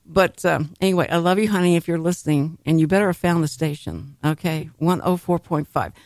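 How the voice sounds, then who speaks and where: A woman's voice: on the low side, fairly quick, a little mellow, no room sound. A woman hosting a radio talk show, chatting in a rambling way and laughing often. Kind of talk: casual chat. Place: radio studio. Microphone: studio microphone.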